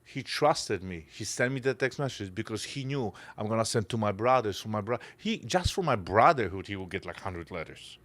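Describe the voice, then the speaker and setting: A man's voice: fairly low pitch, expressive, normal speed, few pauses, fairly bright tone. A middle-aged man with a Polish accent who speaks Polish as his first language, telling stories as a podcast guest in blunt, emotional, broken English with some swearing. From Poland. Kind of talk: casual chat.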